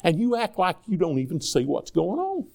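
A man's voice: sits high, wildly swooping pitch, moderate pace, gravelly, a little mellow. A man preaching a sermon in a conversational way, acting out dialogue between people and God. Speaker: pastor.

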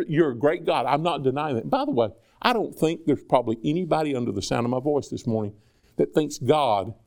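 Man, pastor, sermon, gravelly voice, slightly high pitch, conversational preaching. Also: darkish tone. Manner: conversational preaching, acts out dialogue with God.

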